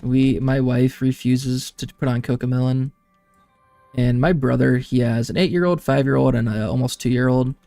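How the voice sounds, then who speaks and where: A man's voice: mid-range voice, steady tone, moderate pace, vocal fry, warm tone, no room sound, soft background music. A young man and streamer telling rambling family anecdotes in casual chat, laughing often. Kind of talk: casual chat while gaming.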